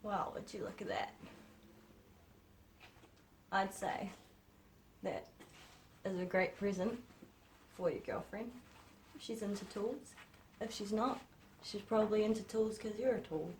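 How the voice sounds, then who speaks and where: A woman's voice: medium pitch, slight background noise. A woman in a playful vlog segment, drawn out and making puns. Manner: playful, punny, slow and drawn out. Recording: distant camera mic in a workshop.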